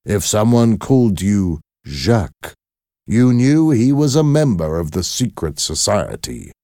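A man narrating a story in a slow, clear, measured way. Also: fairly low pitch, dark tone, no room sound, clean studio sound.

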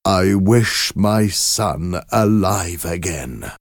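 A man's voice: lowish voice, lively intonation, measured pace, vocal fry, husky, no room sound, clean studio sound, pitched above the performer's own voice, full character voice. A man doing a frightened old husband, pleading. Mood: fearful. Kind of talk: storybook reading.

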